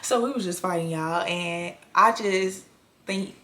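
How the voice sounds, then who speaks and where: A young woman telling a storytime vlog, blunt and animated, swearing freely in casual slang. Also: fairly low pitch, unhurried.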